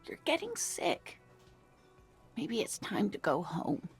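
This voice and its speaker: A gentle, husky wife. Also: female voice, mid-range voice, wildly swooping pitch, takes it slowly, faint music behind, heavily acted. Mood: soothing. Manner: gentle, soothing. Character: caring wife of a sick scientist, gentle. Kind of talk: video game voice acting.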